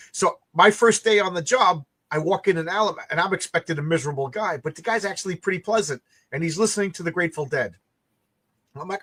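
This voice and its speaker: Guy with a kinda high voice rambling thru a work story, keeps tripping over his words. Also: fairly bright tone, breathy edge. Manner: rambling, frequent stammered restarts. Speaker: comic book creator and construction worker. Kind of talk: casual chat, storytelling.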